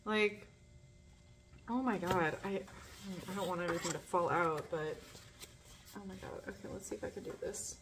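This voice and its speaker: A woman's voice: lowish voice, normal speed, long pauses, background noise. A woman chatting casually while unboxing, gushing with breathless exclamations and laughter. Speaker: vlogger. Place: living in a garage.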